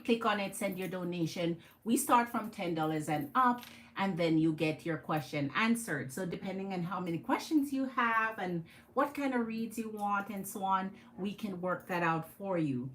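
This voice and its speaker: A woman's voice: mid-range voice, normal speed, fairly bright tone, poor audio. A woman with a Jamaican accent hosting a live tarot stream, chatting with her viewers and greeting them by name.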